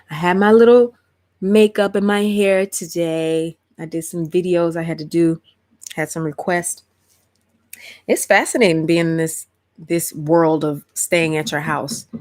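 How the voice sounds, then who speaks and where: Low-voiced woman, casual livestream host, reads viewer comments aloud. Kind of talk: casual chat on a live stream.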